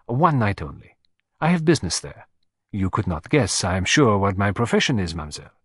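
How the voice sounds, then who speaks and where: A man reading an audiobook and voicing a vain, theatrical older Belgian detective, pompous and playful with dramatic pauses. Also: on the low side, big pitch swings, fairly bright tone, breathy edge, exaggerated voice. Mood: sly.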